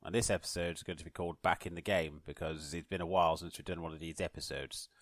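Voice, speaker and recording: A man's voice: low-pitched, steady tone, fast, dry recording, studio quality. A man hosting a solo podcast in a put-on posh newsreader manner, rambling and poking fun at himself. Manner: mock-posh newsreader delivery, self-mocking and rambling. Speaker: podcast host.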